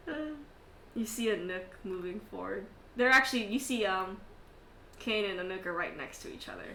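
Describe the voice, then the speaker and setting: A woman's voice: medium pitch, normal speed, sharp tone, slight background noise. Giggly woman game master, echoey room. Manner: giggly, swears casually, heavy filler words. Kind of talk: narrating a tabletop game.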